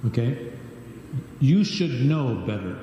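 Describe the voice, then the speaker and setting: A man with a mellow, dark tone teaches a Bible study, reading scripture aloud and asking questions of the group. The sound comes from a livestream in a large church hall, with a long, echoing reverb and faint room noise behind him. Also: mid-range voice, very animated, slow pace. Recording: distant echoey church livestream.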